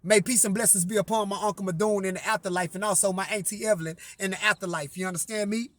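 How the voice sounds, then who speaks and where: A man's voice: sits high, steady tone, quick pace, a bit bright, dry recording. A man telling a personal story in a profane, emphatic way, framing each quote with "I say". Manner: repeats "I say" to frame quotes, emphatic.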